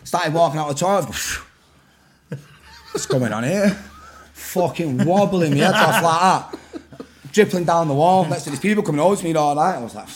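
A man in his thirties with a Manchester accent, telling rowdy stories on a podcast, animated and laughing as he acts out voices. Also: fairly high pitch, quick pace, a little hiss or hum. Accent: Mancunian. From Manchester, England. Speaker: podcast guest, rapper. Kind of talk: casual storytelling chat.

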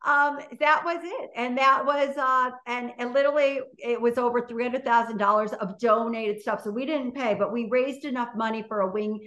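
A woman's voice: fairly high pitch, steady tone, normal speed, few pauses, a bit bright. A woman, a guest on an interview show, telling a story in a chatty, casual way full of "you know" and "like".

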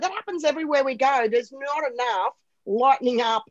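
A woman chatting warmly about spiritual matters, full of praise and quick to laugh. Her voice sits a little high, and the recording is dry and slightly dull. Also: dry recording. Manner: effusive, affirming, laughs easily. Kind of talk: casual spiritual chat.

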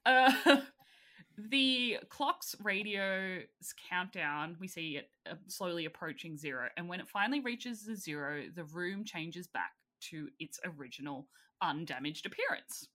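A woman casually recapping a film plot in lively storytelling, with fillers and the odd swear. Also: fairly low pitch, a little slow. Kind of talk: casual chat.

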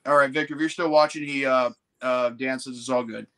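Bright-voiced meandering podcast host. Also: male voice, medium pitch, steady tone, fairly quick, clear, resonant tone. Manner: meandering, full of "you know" fillers. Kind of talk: casual chat.

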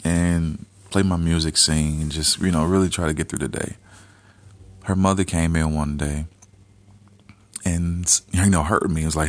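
A man's voice: low-pitched, fairly even intonation, moderate pace, no echo. A man hosting a couple's channel, telling a personal story in a laid-back, rambling way, full of "you know" and "like". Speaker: host.

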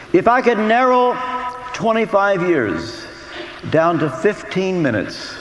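A man preaching a sermon, earnest and storytelling, with dramatic pauses. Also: high-pitched, sing-song, echoey room, big-room sound, a little hiss or hum, rough recording. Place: big top tent.

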